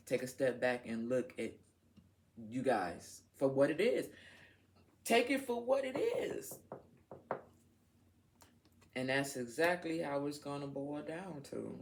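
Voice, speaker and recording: Slow-talking, frank woman tarot reader. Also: rumbling low, slight background noise. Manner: frank, swears freely, laughs, talks to her viewers. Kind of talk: casual tarot reading to camera.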